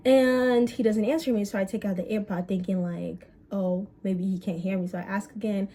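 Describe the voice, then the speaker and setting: A young woman vlogger telling a story in casual chat, animated and swearing, with quick bursts and drawn-out words. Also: medium pitch.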